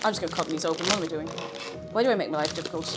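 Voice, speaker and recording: Loud music sits behind a deep female voice that talks very fast. She is a streamer baking in her home kitchen, chatting casually with her audience and poking fun at herself.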